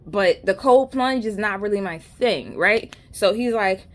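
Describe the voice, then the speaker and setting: A woman's voice: medium pitch, unhurried. A woman with a New York accent telling a rambling, slangy, joking story in a casual vlog. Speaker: vlogger.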